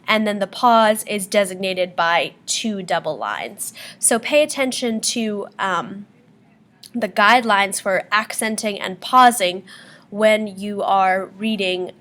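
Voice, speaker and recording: A woman's voice: mid-range voice, fairly bright tone. A woman teacher giving a patient classroom lecture on poetry terms, explaining step by step with frequent ums.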